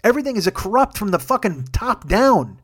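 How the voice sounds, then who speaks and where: High and a bit bright with a husky edge, this man's voice swings widely in pitch and moves fairly quickly. He's a podcast host delivering a solo comedy rant, heated and constantly profane, before a rambling, self-deprecating round of thanks to his crew.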